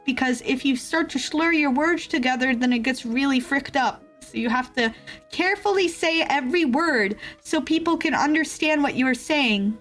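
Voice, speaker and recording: Brief: young woman VTuber, high bright voice, giggly live chat, faint music behind. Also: moderate pace. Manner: giggly, chatty, reads and answers chat. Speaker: VTuber streamer. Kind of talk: casual livestream chat.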